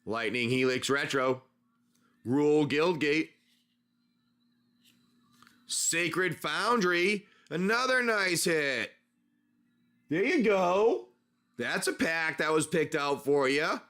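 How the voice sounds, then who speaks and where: A man's voice: on the high side, expressive, slow, pauses often, pushed and bright. A man hosts a laid-back trading card livestream, chatting to his viewers as he sorts cards. His talk rambles and loops back on itself, and he slips into spinning an adventure story off the cuff. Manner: rambling, chatty, talks while handling cards. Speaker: livestream host opening card packs. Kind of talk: casual livestream chat and improvised story narration.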